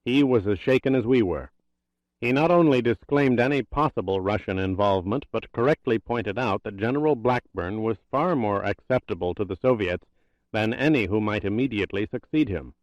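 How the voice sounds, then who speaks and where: A man reading an audiobook, voicing a measured secretary of state who objects in a formal way. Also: fairly low pitch, expressive, no echo, lo-fi sound, lightly acted. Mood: objecting.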